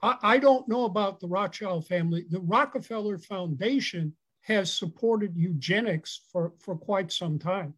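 High-voiced man, halting and emphatic. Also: a bit bright, husky, poor audio. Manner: halting, many fillers, emphatic. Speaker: guest expert, doctor. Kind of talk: interview answers over a call.

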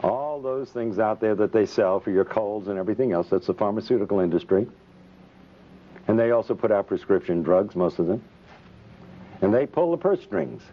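A man's voice: fairly low pitch, expressive, normal speed. A man, a physician, giving an impassioned public speech full of indignant rhetorical questions and sarcasm. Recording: dull lo-fi recording.

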